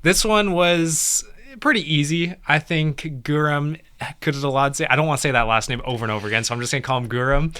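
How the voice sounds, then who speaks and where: A young man co-hosting a relaxed, joking fight-prediction chat and laughing often. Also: mid-range voice, fast talker, clean tone. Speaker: co-host.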